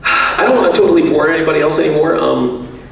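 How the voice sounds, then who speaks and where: A radio executive gives an after-dinner speech in a banquet hall, telling self-mocking, jokey stories. His voice is a little high, fast and a bit bright with vocal fry, heard far from the mic in an echoey hall with slight hiss or hum.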